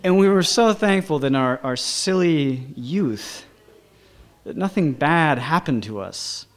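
A man recounts a personal anecdote with a slightly high voice. He talks animatedly, often chuckling and leaning on fillers as he builds the story. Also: measured pace. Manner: animated, chuckling, many fillers like "you know".

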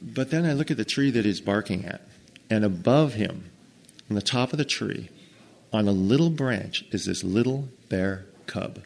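An American man spins a comic outdoor tale for a crowd, acting out each character and noise. His pitch rises and falls widely, which keeps the telling lively and expressive. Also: normal speed, vocal fry. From United States. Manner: animated, acts out every character and sound. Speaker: storyteller. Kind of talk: comic campfire storytelling to an audience.

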